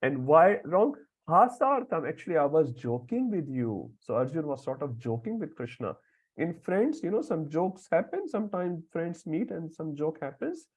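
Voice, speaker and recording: A man's voice: a little high, big pitch swings, moderate pace, slightly rough, low-quality recording. Man teaching a scripture class. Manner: explains verse word by word, acts out quoted dialogue. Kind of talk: lecture on scripture with storytelling.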